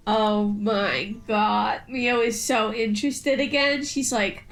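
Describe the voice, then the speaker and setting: A woman streams a game and chats casually, slipping into gushing baby-talk and frequent laughter. Her voice sits high and she drags her words out very slowly. Faint game music plays behind her. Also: fairly even intonation.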